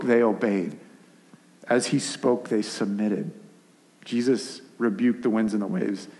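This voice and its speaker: A man preaching a sermon in a casual, conversational way, retelling a story with animated asides. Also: lowish voice. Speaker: pastor. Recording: long reverb of a large hall.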